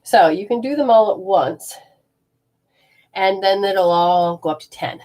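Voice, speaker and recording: An unhurried woman with a mid-range, slightly mellow voice guides a live energy healing session. Her explanations of hands-on techniques ramble, and she often cuts herself off mid-sentence.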